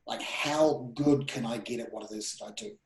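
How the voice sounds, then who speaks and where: A man in his thirties telling personal stories in an interview, animated and full of restarts and quoted self-talk. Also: medium pitch, normal speed, creaky. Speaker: guest speaker. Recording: roomy echo.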